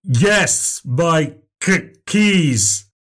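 A man's voice: a little high, lively intonation, a bit bright, pitched above the performer's own voice, exaggerated voice. A man doing a stuttering eerie male stranger. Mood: insistent. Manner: slow halting stutter on hard sounds.

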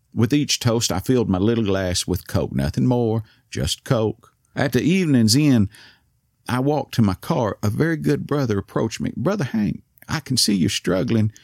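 A man with an East Texas accent telling a story in a soft voice whose words slur, courtly and wry. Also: fairly low pitch, no echo, studio quality. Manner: courtly, old-fashioned and wry. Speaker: podcast host. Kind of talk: storytelling monologue.

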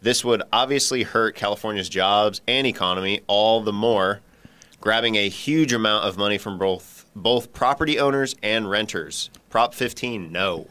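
A man's voice: lowish voice, moderate pace, pushed and bright. A man on a radio talk show panel with a wry manner who reads out his part steadily. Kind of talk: casual studio talk show.

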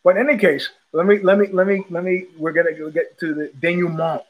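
A man's voice: sits high, little pitch movement, fast, highs cut off. A man hosting a podcast, telling a casual rambling story with many restarts and repetitions. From United States. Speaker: podcast host.

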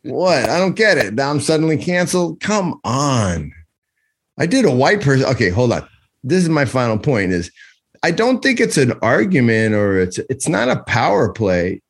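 A man co-hosting a podcast, arguing in a joking, animated way and slipping into impressions. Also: medium pitch, normal speed. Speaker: podcast co-host. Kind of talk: casual debate chat.

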